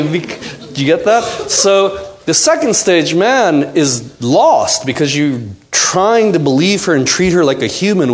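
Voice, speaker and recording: A man giving a seminar talk to a live audience, animated and playful, acting out quoted voices. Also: mid-range voice. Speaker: seminar speaker.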